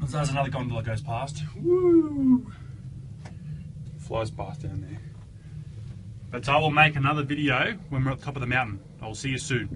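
A chatty, excitable man narrates a travel vlog into a handheld camera. His voice sits at an ordinary pitch. Steady wind and engine noise run clearly under the recording. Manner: chatty and excitable, with mild swearing. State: out of breath. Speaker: vlogger. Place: outdoors on a mountain and in a gondola cabin. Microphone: handheld camera mic. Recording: noisy outdoor camera audio.

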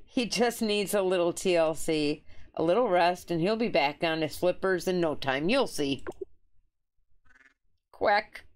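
A woman's voice: fairly low pitch, moderate pace. A woman hosting a let's play, chatting casually and reading game dialogue aloud. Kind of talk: casual gameplay commentary.

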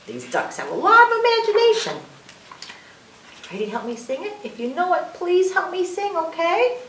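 A woman's voice: sits high, normal speed. Sing-song woman reading to kids. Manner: sing-song, expressive, coaxing questions to young listeners. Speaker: children's librarian reading aloud. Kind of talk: children's story time read-aloud. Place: library room. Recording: roomy, distant mic with faint hiss.

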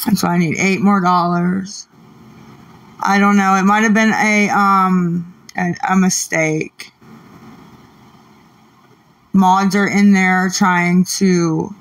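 A woman's voice: lowish voice, fairly even intonation, slow pace, pauses often, distant mic. A woman livestreaming late at night, irritated and swearing as she argues back at her chat.

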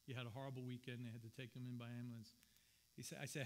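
A man's voice: mid-range voice, flat delivery, rapid-fire. A man preaching a sermon as pastor, earnest and personal, telling stories from his own life in a church. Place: church sanctuary.

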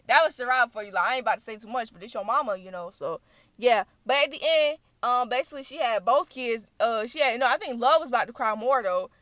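A young woman hosting a reaction channel, recapping a video in animated, chatty storytelling. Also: a little high, fast, no room sound. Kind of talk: casual recap vlog.

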